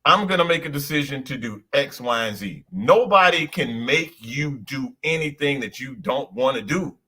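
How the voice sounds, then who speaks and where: A man's voice: medium pitch, expressive, normal speed, pushed and bright, slightly rough. A man co-hosting a casual chat, talking bluntly in slang and swearing freely. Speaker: co-host.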